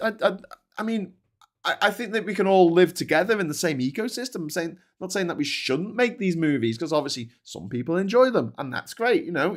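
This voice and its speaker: A man hosting a casual chat, ranting and swearing freely as he answers viewers. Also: high-pitched. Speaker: host.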